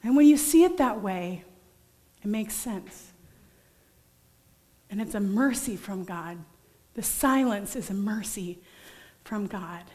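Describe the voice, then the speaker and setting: A young woman preaching a sermon, telling a story from her own family life in a lively, animated way and acting out the voices in it. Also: mid-range voice, slow, long pauses. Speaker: pastor.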